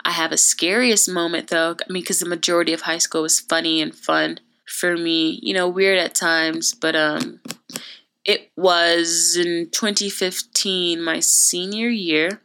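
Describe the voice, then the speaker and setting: Chatty young woman, slightly low. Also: unhurried, clean tone. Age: young adult. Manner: chatty storytelling, lively quoted voices. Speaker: podcast host. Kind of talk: casual chat.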